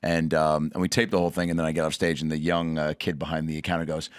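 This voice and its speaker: A man's voice: a bass voice, little pitch movement, fast talker, clear, resonant tone. A man who is a touring comedian, a guest on a podcast, telling rambling anecdotes in casual chat.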